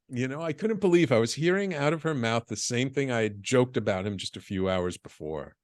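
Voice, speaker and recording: A middle-aged man guesting on a podcast, telling his business story with lively acted-out dialogue and stumbling restarts. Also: medium pitch, a little fast, hardly any pauses, no room sound, studio quality. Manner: animated storyteller, acts out quoted dialogue, frequent restarts. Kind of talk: storytelling interview.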